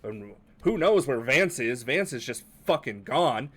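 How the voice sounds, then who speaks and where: A man's voice: fairly low pitch, moderate pace, a bit bright, natural voice. A man voicing a frantic, panicking cloaked man obsessed with time, who repeats himself. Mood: panicked.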